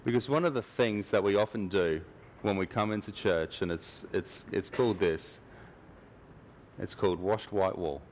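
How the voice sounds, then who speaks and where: A man's voice: sits low, moderate pace, a little mellow, a little hiss or hum. Conversational male preacher. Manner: conversational, acts out little scenes and voices. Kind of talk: sermon. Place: church.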